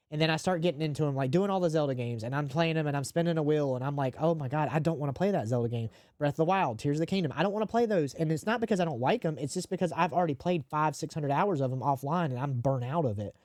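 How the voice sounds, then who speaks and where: A man hosting a gaming podcast, speaking candidly and emotionally, with deadpan jokes. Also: a little high, no echo, clean studio sound. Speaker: podcast host and live streamer. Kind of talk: casual podcast chat.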